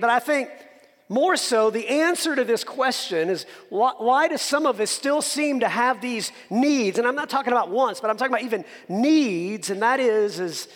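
A pastor with a high voice preaches in a church sanctuary, his words carrying through a large hall. He earnestly stresses key words and poses rhetorical questions to the congregation.

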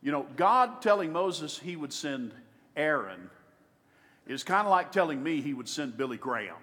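A man preaches with a high, ringing voice that carries through a reverberant hall. He acts out God and Moses in his retelling, swinging between loud, urgent bursts and hushed lines. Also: lively intonation, measured pace. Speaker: pastor. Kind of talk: sermon.

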